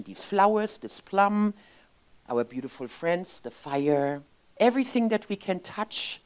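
A woman in her fifties giving an emotional, expressive inspirational sermon as a spiritual speaker in a church. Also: deep voice. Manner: expressive, emotional, lively storytelling. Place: church sanctuary.

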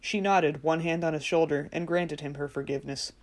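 Woman reading a fairy tale audiobook, calm and measured. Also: low voice. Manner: measured, gentle storytelling. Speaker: audiobook narrator. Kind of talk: scripted narration.

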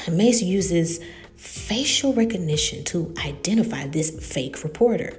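A woman casually recapping a TV episode, retelling the story in an animated way. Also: lowish voice, slow, soft background music. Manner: animated retelling with quoted dialogue. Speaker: TV recap host.

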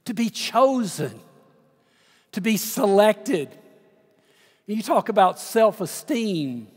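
A man preaching from the pulpit, his voice sitting high and his words measured out slowly. He tells stories with deliberate, dramatic pauses, and a long reverb trails after him through the sanctuary. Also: big pitch swings, slightly rough. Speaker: pastor. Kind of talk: sermon. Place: large church sanctuary.

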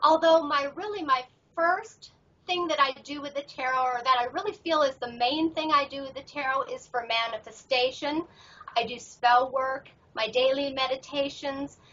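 A middle-aged woman with a high, bright voice talks in an upbeat, chatty way as an interview guest. Her sound is muffled and comes from some distance off the mic, like an online call. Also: normal speed. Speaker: professional tarot reader guest. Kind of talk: casual interview chat. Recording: muffled audio from far off the mic.

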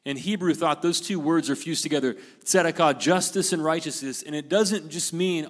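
A man preaching a sermon with earnest emphasis, repeating key phrases and letting his voice fall softly at the ends of lines. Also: on the high side, moderate pace, few pauses. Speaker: pastor. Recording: reverberant hall.

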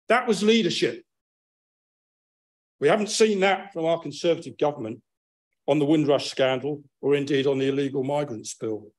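Guy councillor speechifying, bit high voice, big emphatic build-ups. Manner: rhetorical, emphatic delivery. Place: council chamber.

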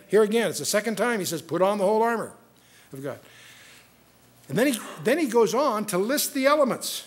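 High-voiced man teaching a Bible study. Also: sing-song, fairly quick. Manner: earnest teaching tone, reads scripture with rising emphasis, frequent restarts.

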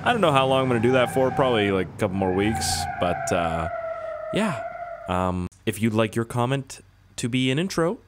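A man's voice: mid-range voice, big pitch swings, moderate pace, heavy background noise. A young man giving joking, rambling gameplay commentary as a video host, trailing off and interrupting himself. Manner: rambling, jokey, self-interrupting. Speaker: gaming YouTuber.

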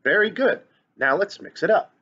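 A man's voice: sits high, animated, normal speed, fairly bright tone, husky. A man teaching grade school children to read rhythms, chanting note syllables and cheering them on. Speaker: music teacher. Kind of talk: online lesson for children. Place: classroom or home, filmed on camera. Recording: dull lo-fi recording.

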